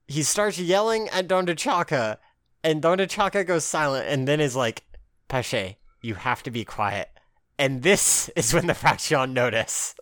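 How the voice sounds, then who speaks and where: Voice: mid-range voice, no echo, studio quality. A podcast co-host in casual recap chat, laughing often, swearing freely and acting out the characters' lines.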